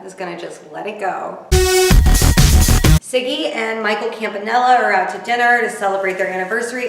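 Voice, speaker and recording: A woman's voice: mid-range voice, fairly bright tone. A woman giving a chatty, snarky, gossipy recap of a reality TV episode as she watches it. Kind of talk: casual live recap commentary. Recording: echoey room, distant from mic.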